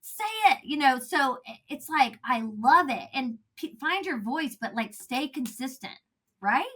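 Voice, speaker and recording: A woman talking as a podcast guest, animated and laughing often, acting out quotes in a casual chat. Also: sits high, a little slow, breathy edge.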